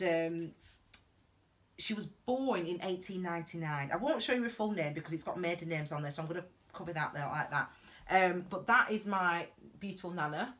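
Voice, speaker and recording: Earnest rambling woman, bright tone. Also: on the low side. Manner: rambling and halting, with many restarts and tangents; earnest and heartfelt. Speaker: tarot reader giving advice. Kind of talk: reflective advice vlog monologue.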